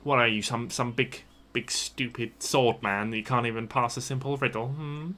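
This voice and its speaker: A man's voice: medium pitch, steady tone, normal speed, bright, forceful tone, voice pushed up, close to an everyday voice. A man voicing a furious, bossy little male goblin who rants at travellers from a fantasy game. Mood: taunting. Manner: ranting, jumping up and down in rage.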